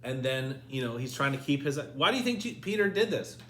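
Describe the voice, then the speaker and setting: A man's voice: medium pitch, sing-song, brisk, fairly bright tone. A man leading a Bible study lesson, asking his group questions and reading scripture aloud. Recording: echoey room with faint noise.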